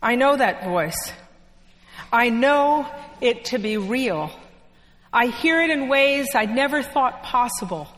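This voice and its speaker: A woman preacher giving a sermon in a church, telling the story in an unhurried way with dramatic pauses. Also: a little high, expressive, a bit bright. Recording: long echo of a church hall.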